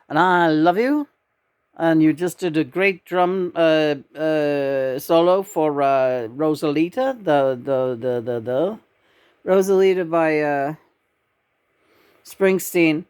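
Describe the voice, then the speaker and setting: A woman with a low voice rambles through a casual vlog. She is blunt and swears freely as she talks straight to her viewers. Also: clear, resonant tone. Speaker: vlogger. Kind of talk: casual spiritual vlog chat.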